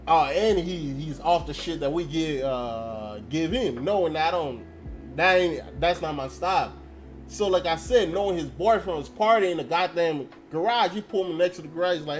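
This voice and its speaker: A man's voice: a little high, expressive, moderate pace, soft background music. A young man telling a story in a blunt, profane casual rant, acting out quoted dialogue. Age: young adult. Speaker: channel host. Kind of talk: casual ranting monologue.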